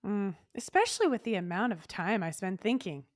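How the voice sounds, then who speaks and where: A woman co-hosting a podcast in casual chat, telling stories in an animated way and acting out her own thoughts. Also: medium pitch, a little fast, no room sound, studio quality. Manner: animated storytelling, acts out her own inner voice. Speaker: podcast co-host.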